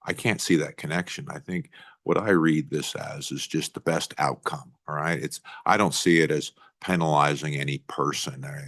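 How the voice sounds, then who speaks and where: A man's voice: rumbling low, fairly bright tone. A middle-aged man, a state senator, questioning a witness in a committee hearing in a blunt way, with frequent restarts. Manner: blunt, repeats himself, restarts often.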